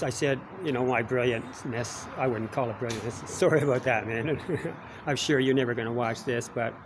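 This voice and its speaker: A man's voice: medium pitch, noisy background. A Canadian man in his sixties telling rambling personal stories in a folksy manner, chuckling as he goes. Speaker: vlogger.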